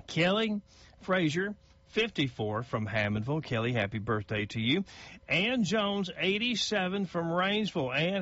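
A man's voice: on the high side, a bit bright, no echo, muffled recording. A middle-aged man, a local radio host reading out birthday announcements in a folksy, chatty way that stumbles over names.

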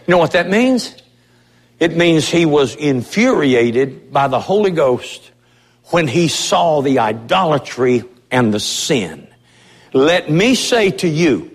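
High-voiced fervent preacher in a reverberant church. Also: male voice, very animated, slow, slightly rough. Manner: impassioned, emphatic preaching. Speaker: pastor. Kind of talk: sermon. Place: church sanctuary. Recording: long reverb of a church hall.

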